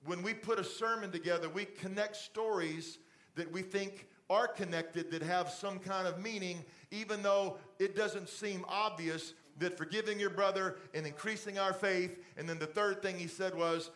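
A middle-aged pastor on a church stage preaches conversationally at a moderate pace, his tone steady and his voice fairly high for a man. He shifts to a soft, fatherly voice when he speaks directly to the congregation.

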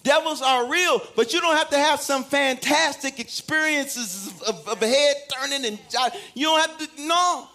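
High-voiced, bright male preacher. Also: normal speed, hardly any pauses. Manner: dramatic, swings from shouts to hushed tones, laughs often; acts out quoted voices. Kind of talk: sermon. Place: church.

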